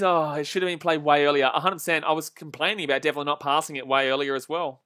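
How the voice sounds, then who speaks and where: A young Australian man with a high-set, bright, forceful voice hosts a live football stream, calling the play and arguing with chat in a blunt, excitable way. The sound is dry and close. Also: fast, hardly any pauses, no echo. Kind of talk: casual live match commentary and chat.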